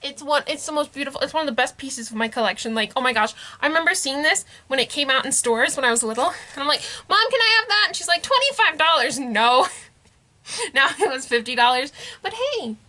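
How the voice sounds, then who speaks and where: A woman's voice: high voice, fast, sharp tone. A young woman in a casual haul vlog, bubbly and giggly, gushing over toys she found. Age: young adult. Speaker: vlogger.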